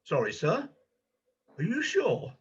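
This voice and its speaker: A man's voice: high-pitched, huge pitch swings, slow pace, slightly rough, lo-fi sound, full character voice. A man playing an anxious, kind-hearted volunteer gallery guide who hesitates and stumbles over his words, in an amateur stage drama. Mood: eager.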